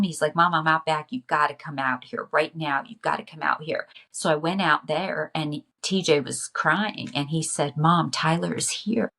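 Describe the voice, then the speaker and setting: A woman's voice: deep voice, pushed and bright. A woman telling a personal story as a podcast guest, emotional and earnest.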